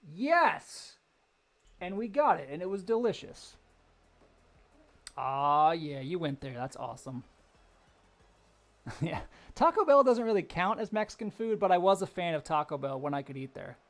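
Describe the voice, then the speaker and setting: A man's voice: fairly high pitch, big pitch swings, moderate pace, long pauses. A young man streaming a game live, chatting casually with viewers, telling stories and laughing often. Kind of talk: casual live-stream chat while gaming.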